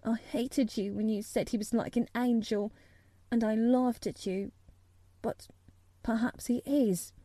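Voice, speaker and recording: A frail, excitable invalid boy, as a woman reading aloud puts him on, eager and clinging in a slightly raised, mellow voice. The sound is dry and close. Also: a little high, a little slow, no echo. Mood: wistful. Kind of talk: storybook character reading.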